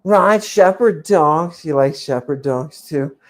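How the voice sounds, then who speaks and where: A woman hosting a livestreamed lecture to her chat audience, theatrical and repeating key words for emphasis, swinging between loud exclamations and quiet asides. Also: low voice, takes it slowly. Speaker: host.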